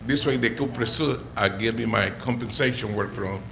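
A man's voice: fairly low pitch, moderate pace, creaky, bright, forceful tone, slight background noise. A man in the audience of a forum, polite, answering "yes, ma'am" and describing his troubles. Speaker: audience member, former worker. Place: public forum.

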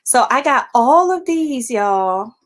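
A woman's voice: sits high, animated, takes it slowly. A woman chatting casually on a late-night live stream from home, showing off a haul and calling her viewers y'all. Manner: chatty, addresses viewers as y'all, greets chat commenters. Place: at home, indoors.

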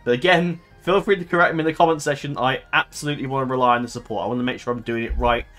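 A man of middling pitch hosts a gaming channel and chats loosely with his audience. He wanders through his thoughts, stopping to fix his own phrasing and leaning on ums. Soft music plays faintly behind him. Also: fairly even intonation, very fast. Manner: rambling, hesitant, self-correcting with many ums. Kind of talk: casual talk to viewers.

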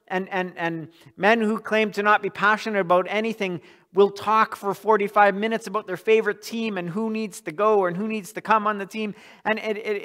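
A man's voice: high voice, bright, forceful tone. A male pastor preaching a sermon in a church, earnest and often repeating words as he restarts a thought.

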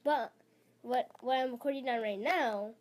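A woman's voice: on the high side, darkish tone. A woman making a reaction video, rambling casually with many fillers and giggles. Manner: halting, filler-heavy, giggly.

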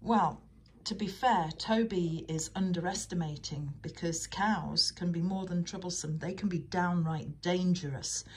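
Woman storyteller, husky, reads aloud with chatty asides. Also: fairly low pitch, measured pace.

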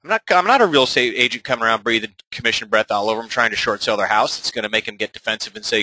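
A man coaching other real estate agents in a recorded sales webinar, punchy and energetic, who keeps checking in with "right?". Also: fairly low pitch, rapid-fire, hardly any pauses, dry recording, poor audio.

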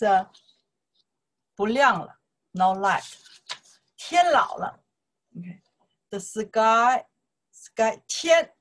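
Slow Chinese-accented woman teaching. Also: medium pitch, a bit bright. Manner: broken English mixed with Chinese phrases, slow and repetitive. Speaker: language teacher. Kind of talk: explaining song lyrics in a lesson.

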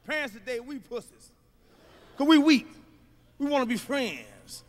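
A man with a very high voice performs a loud, profane stand-up routine at an unhurried pace, telling stories punctuated by sudden shouts.

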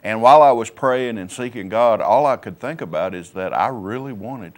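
A man sharing his personal faith testimony on a Christian TV program, plainspoken and halting. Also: lowish voice, lively intonation. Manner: plainspoken, halting, many fillers. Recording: local cable TV studio.

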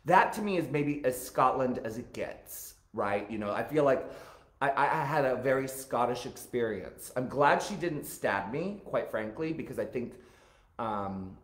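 A man hosting a live stream, answering viewer questions and telling stories in a campy, animated way. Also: medium pitch, normal speed, echoey room. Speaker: host.

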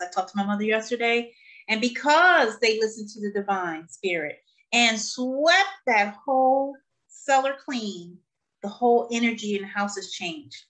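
Woman hosting spiritual chat, kinda high voice, preachy, keeps repeating stuff. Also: fairly bright tone. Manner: exclamatory, preachy, repeats phrases. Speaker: host of a spiritual talk. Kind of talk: casual spiritual group chat.

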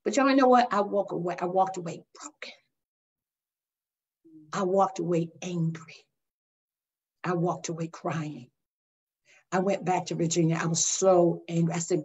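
An older woman minister sharing her testimony in a faith interview, telling it with lively storytelling and acting out the voices. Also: on the low side, a little slow, pauses often. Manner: animated storytelling, acts out voices, addresses listeners as y'all. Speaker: guest minister. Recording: dull lo-fi sound.

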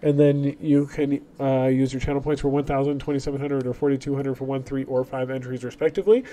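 A man's voice: a little high, a little mellow, a little hiss or hum. A man hosting his livestream while sick with a cough, chatting upbeat about giveaways. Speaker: streamer host. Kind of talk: casual livestream chat.

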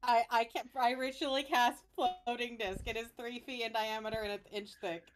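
A woman's voice: fairly high pitch, steady tone, normal speed. A woman playing in a tabletop game, giggly and a little stammering. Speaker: player. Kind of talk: casual tabletop play.

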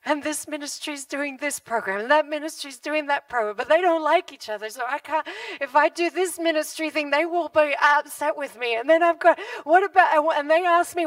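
A woman's voice: high-pitched, moderate pace, no room sound, distant mic. A middle-aged woman pastor preaching a sermon, telling stories with frequent laughter. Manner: laughs often, animated storytelling. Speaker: guest pastor. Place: church hall.

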